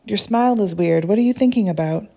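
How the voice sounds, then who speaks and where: A curious nine-year-old girl, earnest and matter-of-fact, as a woman storyteller puts her on. The voice sits a little higher than the reader's own, with a soft, husky grain. It is a storybook voice for a confident child. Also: fast. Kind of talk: storybook reading.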